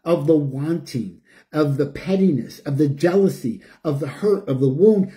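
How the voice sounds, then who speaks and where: An older man giving an emotional, preachy spiritual monologue, chanting repeated phrases and swinging between loud and hushed. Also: on the high side. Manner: preachy, repetitive, chanting lists. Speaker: spiritual speaker.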